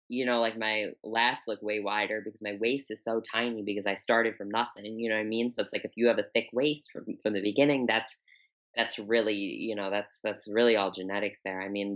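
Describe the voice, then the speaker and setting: Her voice is rumbling low yet a bit bright, heard through lo-fi audio. She's a woman in her twenties with a Chicago accent, casually chatting as an interview guest with lots of "like" fillers and repetition.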